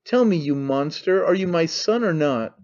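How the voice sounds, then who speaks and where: A man's voice: a little high, expressive, normal speed, darkish tone, highs cut off, lightly acted. A man voicing an aged, theatrical father who cries out in wounded indignation. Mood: indignant. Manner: wailing, outraged outbursts.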